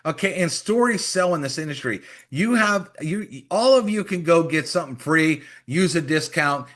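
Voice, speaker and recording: A man's voice: a little high, moderate pace. Upbeat man giving a sales pep talk. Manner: energetic, persuasive, acts out mock conversations. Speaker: company executive giving sales training. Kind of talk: motivational sales pitch on a call.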